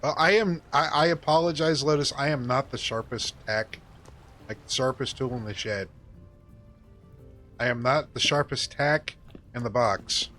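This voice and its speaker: A man casually chatting while streaming a game, joking and self-deprecating, thinking out loud. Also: medium pitch, measured pace, soft background music. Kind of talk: casual live-stream chat.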